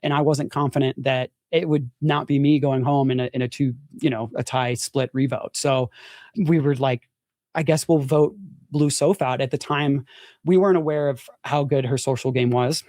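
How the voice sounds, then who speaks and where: Speaking at a moderate pace, a former reality show contestant, now a young adult podcast guest, relates a story in a relaxed manner. Quotes get acted out with sweeping pitch swings, and "like" pops up often. The sound is dry and studio quality.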